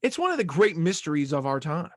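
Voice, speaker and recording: A man's voice: on the high side, big pitch swings, fast, no room sound, clean studio sound. A young man hosting a sports podcast, talking casually in rambling, self-mocking rants. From Arkansas fan, southern US.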